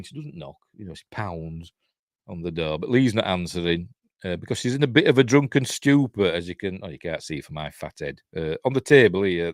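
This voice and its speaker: A man's voice: lowish voice, darkish tone, no room sound, studio quality. A middle-aged man with a Yorkshire accent recapping a horror film in a rambling, casual way, chuckling and briefly acting out characters' lines. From Yorkshire, England. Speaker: film reviewer.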